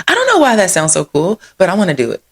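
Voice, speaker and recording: Talking fast with huge swings in pitch, a low, gravelly, fry-voiced woman hosts a local events show. Her casual rundown rambles into side stories, full of easy laughter and repeated "y'all."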